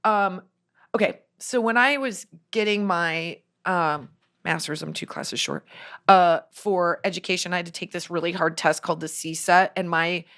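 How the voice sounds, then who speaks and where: A woman's voice: fairly low pitch, normal speed, a bit bright. Chatty rambling woman podcast host. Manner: rambling, self-deprecating and chatty. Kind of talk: casual podcast chat. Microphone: studio microphone.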